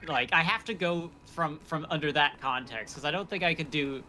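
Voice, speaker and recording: A man's voice: fairly high pitch, moderate pace, pushed and bright. A young Midwestern American man as a guest co-player on a gaming stream, laid-back, laughing often and trailing off mid-thought. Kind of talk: casual co-op gaming chat.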